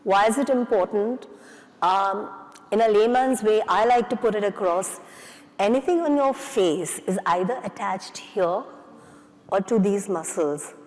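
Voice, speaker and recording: A woman's voice: medium pitch, a little slow, a little mellow. Woman coaching face exercises in a hall. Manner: encouraging, coaxing and playful with the audience. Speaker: face yoga instructor. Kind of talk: leading a live exercise session. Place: conference hall. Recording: reverberant conference hall.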